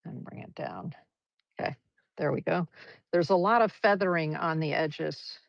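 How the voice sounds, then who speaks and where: A woman's voice: low voice, normal speed, gravelly, no room sound. A woman leading a live brush painting demonstration, chatty and encouraging as she talks through each stroke. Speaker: art teacher. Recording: dull, lo-fi livestream audio.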